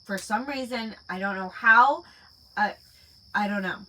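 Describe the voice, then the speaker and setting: Slow, bright-voiced chatty woman. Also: mid-range voice, low-quality recording. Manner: rambling, full of "like" and "um". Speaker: online shop owner hosting a live chat stream. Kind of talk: casual late-night chat.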